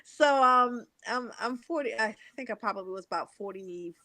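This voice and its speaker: A woman's voice: a little high, normal speed, pushed and bright, dry recording. A woman in her forties hosting a talk, telling a personal story in an earnest, reflective way with many restarts. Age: 40s. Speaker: host. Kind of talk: heartfelt conversational storytelling.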